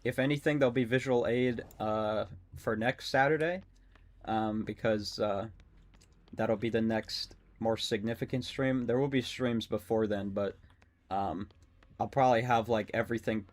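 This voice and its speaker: Excitable young man streaming a game. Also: on the low side, normal speed. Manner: rambling, excitable, swears a lot; talks to chat. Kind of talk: casual live-stream commentary while gaming.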